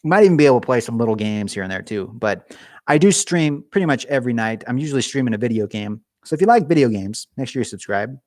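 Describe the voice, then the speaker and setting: This livestreamer is a man chatting casually with viewers, jumping between jokes in a self-mocking, rambling way. His mid-range voice is expressive, fast and slightly mellow, recorded close and dry with no room echo while he sits cold in a home garage.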